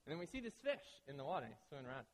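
Guy preaching, kinda high voice, chatty, keeps saying right?, big echoey hall. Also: sing-song, very fast. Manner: conversational, keeps asking "right?"; acts out quoted voices. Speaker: pastor. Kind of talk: sermon.

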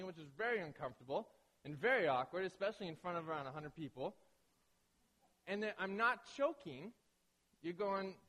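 A male pastor with a fairly high voice delivers a sermon, telling animated stories and briefly acting out the people in them. His voice rings with the long reverb of a large hall. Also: brisk. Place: large hall with an audience of about a hundred.

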